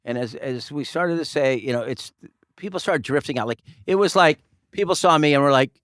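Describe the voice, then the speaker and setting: Energetic man hosting a podcast. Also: a little high, dry recording, studio quality. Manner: energetic, quick storyteller. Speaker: podcast host. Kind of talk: casual podcast storytelling.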